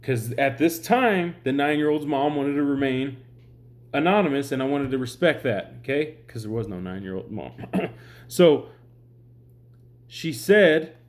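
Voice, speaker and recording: An online commentator, drained and sleep-deprived, delivers a heated vlog rant that wanders, sounds exasperated and is peppered with swearing. His medium-pitched voice is expressive and moves at a measured pace.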